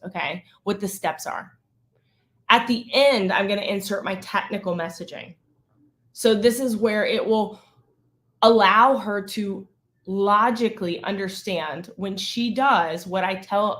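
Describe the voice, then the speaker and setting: A woman's voice: medium pitch, fairly bright tone. Emphatic woman business coach. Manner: emphatic, repeats "okay?" and "right?". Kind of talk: live-stream teaching.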